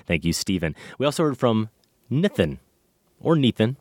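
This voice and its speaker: Deep-voiced man reading listener mail. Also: fast talker, no room sound, clean studio sound. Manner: relaxed, wry, reads letters aloud. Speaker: podcast co-host. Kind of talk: casual podcast chat, reading listener mail.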